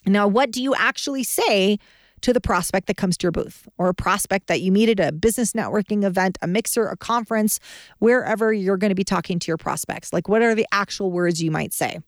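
A woman's voice: mid-range voice, brisk, no echo. Confident woman teaching sales, dry sound. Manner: emphatic, confident, conversational. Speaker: podcast host and business advisor. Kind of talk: podcast sales lesson.

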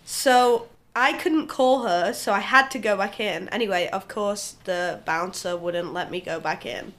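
A woman, a podcast guest telling a lively anecdote in a casual chat, laughing often as she goes. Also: medium pitch, unhurried. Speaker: guest, professional golfer. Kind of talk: casual storytelling.

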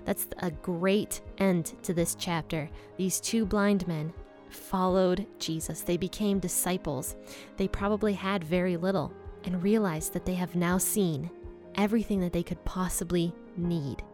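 A woman's voice: fairly low pitch, steady tone, unhurried, darkish tone, soft background music. A woman teaching from the Bible in a casual, personal, earnest way. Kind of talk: casual devotional talk.

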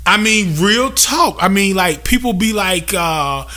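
A man's voice: high-pitched, expressive, takes it slowly, hardly any pauses, pushed and bright. A young man hosting a podcast, venting casually with loose, profane talk and lots of repetition for emphasis. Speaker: podcast host.

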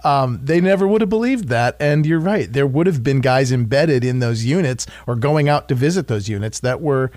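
A man's voice: medium pitch, lively intonation, moderate pace, few pauses, a little mellow, no room sound. Guy hosting a podcast, mid voice, dry close mic, laughs along. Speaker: podcast host. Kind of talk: casual interview chat.

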